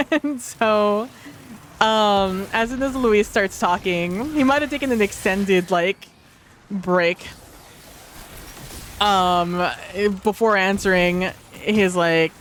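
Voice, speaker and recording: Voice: medium pitch, slow pace, a bit bright, slight background noise. A tabletop role-play player reflecting casually on a livestream, rambling with many fillers and frequent laughter.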